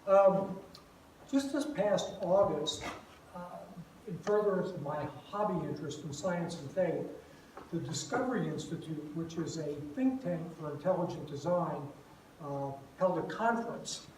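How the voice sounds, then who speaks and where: A man's voice: fairly high pitch, unhurried, slight background noise. Older retired man lecturing in an echoey hall. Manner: relaxed, self-deprecating, with fillers. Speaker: guest speaker. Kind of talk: lecture to a campus group. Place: large echoey room. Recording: echoey room, far from mic.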